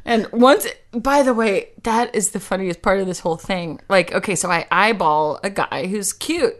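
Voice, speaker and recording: A woman telling a story in casual chat, animated and giggly, acting out the people she quotes. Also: medium pitch, normal speed.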